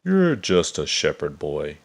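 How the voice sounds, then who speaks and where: A man's voice: very deep voice, huge pitch swings, slow, heavily acted. A man voicing a doubtful older king who exclaims in disbelief in a storybook reading. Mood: incredulous. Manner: incredulous, exclaiming.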